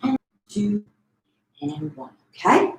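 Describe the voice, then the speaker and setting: A woman leading a Pilates class from home, counting down reps and giving quick form cues, a bit out of breath. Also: medium pitch, slight background noise. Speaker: pilates instructor. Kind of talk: live online fitness class cueing. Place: her home. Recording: echoey room.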